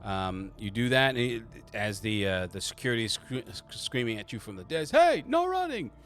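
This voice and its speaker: A man narrating a tabletop game as game master, halting and restarting, with quick voiced asides. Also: on the low side, fairly bright tone.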